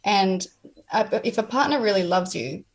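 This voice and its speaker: A woman's voice: medium pitch, moderate pace, a little hiss or hum. A woman, a guest speaking earnestly and openly in a candid personal conversation, often restarting her sentences. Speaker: interview guest.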